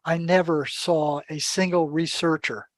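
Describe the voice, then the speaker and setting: A man's voice: on the high side, measured pace, no room sound. An older man, a podcast guest, telling stories with animation, acting out dialogue and often repeating and restarting his words. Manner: animated storyteller who acts out dialogue. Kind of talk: storytelling in an interview.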